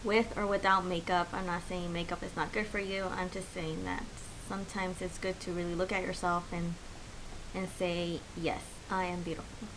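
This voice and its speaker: A woman's voice: on the low side, level tone, moderate pace. Chatty young woman vlogger with faint hiss. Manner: chatty, many fillers, heartfelt and encouraging. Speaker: beauty vlogger. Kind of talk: casual chat to camera.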